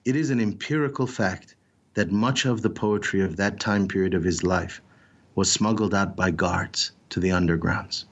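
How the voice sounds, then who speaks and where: A man speaks in a deep, low register as he tells a story. His delivery is intense and dramatic, with frequent pauses and "uh" fillers between phrases. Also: slightly rough, lo-fi sound. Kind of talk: reflective storytelling talk.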